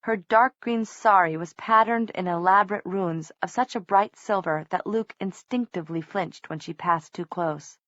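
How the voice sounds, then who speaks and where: Woman narrator, audiobook reading, measured, muffled, dry studio sound. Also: medium pitch, a bit bright, no echo. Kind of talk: scripted narration.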